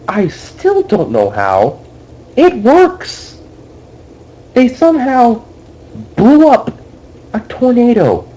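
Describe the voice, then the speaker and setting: Young male co-host, high animated voice, exasperated profane ranting, dull lo-fi recording. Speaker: podcast co-host. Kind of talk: casual ranting movie review.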